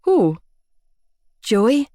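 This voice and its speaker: A woman's voice: on the high side, big pitch swings, very slow, dark tone, no echo, clean studio sound, pitched above the performer's own voice, heavily acted. A woman narrator voicing an easygoing, gossipy teenage schoolboy in an offhand, chuckling way. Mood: chatty.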